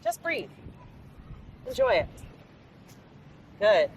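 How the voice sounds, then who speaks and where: A woman's voice: medium pitch, huge pitch swings, drawn-out words. A woman fitness instructor leading a live outdoor workout class on a beach, giving upbeat, encouraging cues. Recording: distant mic outdoors with faint background noise.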